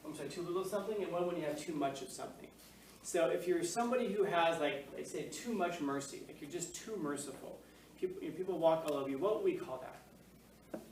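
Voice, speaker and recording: A man's voice: a little high, darkish tone. Joking male teacher in an echoey classroom. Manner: casual and joking, full of fillers, quizzes the class. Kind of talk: classroom lecture. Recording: echoey classroom, mic far off, faint noise.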